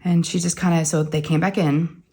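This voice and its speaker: A middle-aged woman hosts a crafting channel, chatting casually and rambling through a long story full of acted-out quotes. Her low, husky voice is warm in tone but flat in delivery, and a little fast.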